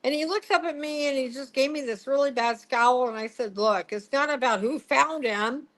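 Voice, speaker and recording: Brief: middle-aged woman, slightly high voice, salty and animated storyteller in an interview. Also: normal speed, rough recording. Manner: swearing, laughing, acting out quotes. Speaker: psychic medium guest.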